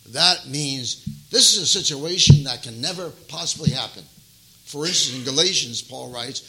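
An older man preaching a sermon as pastor, emphatic and folksy, swinging between loud stresses and soft asides. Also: mid-range voice, rough recording. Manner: addresses listeners as beloved, folksy asides.

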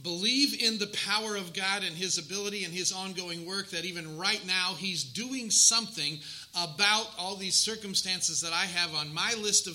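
A male preacher delivers a sermon in a strikingly bright, somewhat high voice. He speaks earnestly and emphatically, repeating words to hammer them home and lifting his voice on the phrases that matter. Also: poor audio. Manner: earnest, emphatic, with repetitions and rising stresses.

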